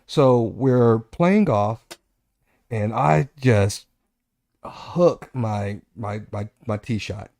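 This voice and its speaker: A man in his forties hosting a casual chat show, telling a long personal story with self-corrections and animated asides. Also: fairly low pitch, very slow, vocal fry, no echo, studio quality. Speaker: podcast host.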